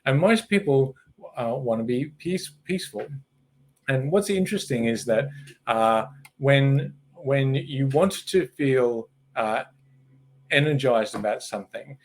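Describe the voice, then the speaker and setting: A man's voice: mid-range voice, a little slow, slight background noise. A middle-aged man, presenting a webinar in a conversational way, acting out quoted speech and often restarting his sentences. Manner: animated, acts out quoted speech, frequent restarts.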